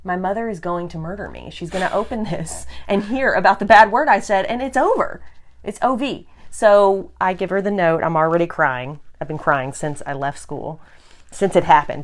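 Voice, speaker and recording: A young adult woman co-hosting a podcast, telling funny stories in a casual, animated way with frequent laughter. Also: on the low side. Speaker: podcast co-host. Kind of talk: casual storytelling chat.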